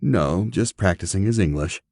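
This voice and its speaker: A man's voice: low-pitched, expressive, moderate pace, gravelly, darkish tone, no echo, clean studio sound, heavily acted. A man reading a matter-of-fact female interpreter.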